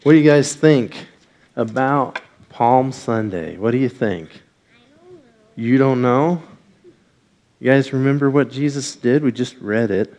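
Wearing a mic in a church sanctuary with the congregation present, a man gives a children's message, questioning the kids and leading call-and-response. His voice is medium-pitched and a little mellow, unhurried, with frequent pauses.

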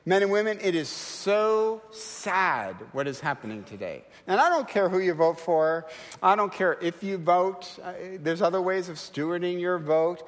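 Middle aged guy preaching, storytelling, pitch jumping all over, big echoey church. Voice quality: lively, animated delivery with quoted voices. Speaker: guest preacher. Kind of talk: sermon with storytelling. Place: church sanctuary.

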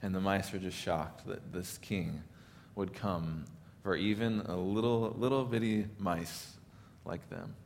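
Male pastor, low voice, earnest Christmas sermon, faint rumble behind. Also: fairly even intonation, unhurried, vocal fry, few pauses. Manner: earnest, builds up then drops to soft emphasis.

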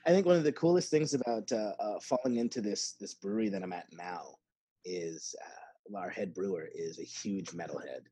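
A man chatting as a podcast guest about his brewery work in a relaxed, easygoing way. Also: low-pitched, breathy edge, no room sound. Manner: relaxed, easygoing, quick to laugh. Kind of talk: casual chat.

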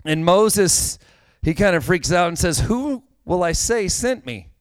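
Conversational man preaching, smooth clear voice. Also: high voice, sing-song, a little slow, no room sound. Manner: conversational, direct address to congregation. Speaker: pastor. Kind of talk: sermon.

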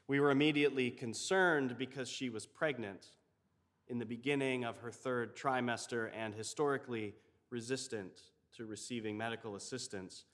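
Male chaplain, mid-range voice, measured storytelling in a reverberant hall. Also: mid-range voice, a bit bright. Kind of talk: storytelling sermon.

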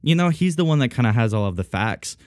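A man's voice: medium pitch, sing-song, quick pace, darkish tone, no room sound, studio quality. A man hosting a podcast alone, chatting casually in a joking, rambling way, his voice thick and congested from a sinus cold. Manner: joking, rambling, self-mocking. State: congested, sniffly, sinus-deepened voice. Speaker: podcast host. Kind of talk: casual solo podcast chat.

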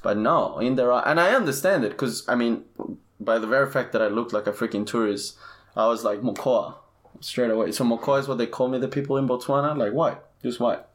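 A man's voice: medium pitch, brisk. Profane storytelling male podcast host. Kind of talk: casual chat.

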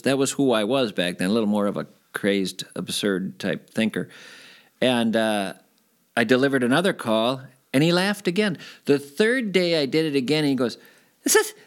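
A middle-aged man from Minnesota telling stories from his past in a casual interview, animated and climbing high when he gets excited. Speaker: guest storyteller.

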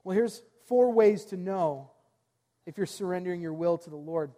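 A man pastor preaching a sermon earnestly, reading scripture aloud and letting his phrase ends fall soft. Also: high voice, moderate pace, big-room sound.

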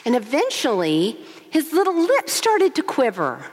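A woman's voice: sits high, unhurried, slightly rough. A woman co-pastor in her forties preaching a sermon, telling stories and asking rhetorical questions. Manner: expressive storytelling with rhetorical questions. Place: large church sanctuary. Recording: long hall reverb.

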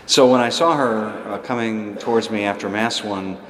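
A man preaching a sermon as a priest, telling a story in a conversational, halting way with many restarts. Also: fairly low pitch, reverberant, long reverb tail, slight background noise.

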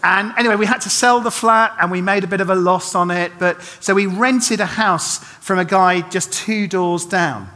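A middle-aged pastor with a high, pushed, bright voice preaches at a normal speed with few pauses in a church hall, its long reverb audible. His sermon is chatty and self-deprecating, full of humorous asides and restarts.

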